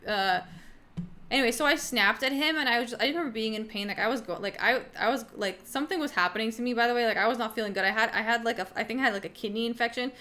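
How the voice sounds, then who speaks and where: A woman's voice: fairly high pitch, racing, pushed and bright. Rambling young woman streamer, swearing freely. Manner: rambling, filler-heavy, swears casually. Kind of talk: casual livestream chat answering viewers.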